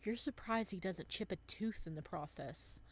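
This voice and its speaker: A woman's voice: medium pitch, normal speed. Giggly woman reading a game aloud. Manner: giggly, excited reactions between reading. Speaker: gamer. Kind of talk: reading a visual novel aloud.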